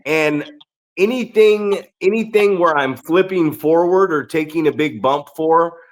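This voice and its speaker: A middle-aged veteran wrestler hosts a podcast in a fairly high voice at a measured pace. He tells profane stories and puts questions to his guest in casual podcast chat.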